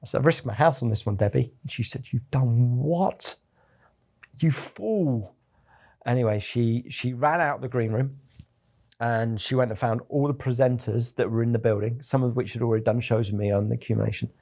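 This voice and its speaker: Speaking fast in a darkish, medium-pitched voice with fairly even intonation, this middle-aged founder from England swaps stories in an interview. He's a chatty anecdotal storyteller who performs quoted voices.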